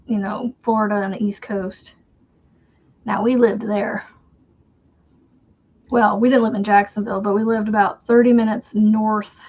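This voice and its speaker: A woman's voice: mid-range voice, a little mellow, muffled recording. A woman with a faint Southern American accent, hosting a crochet livestream and chatting casually with viewers, rambling and laughing often.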